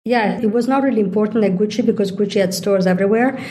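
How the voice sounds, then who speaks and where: Middle-aged woman, interview guest, mellow warm tone, faint background hiss. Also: mid-range voice, fast talker. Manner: explanatory, builds points with examples. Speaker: interview guest, digital executive. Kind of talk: conversational interview.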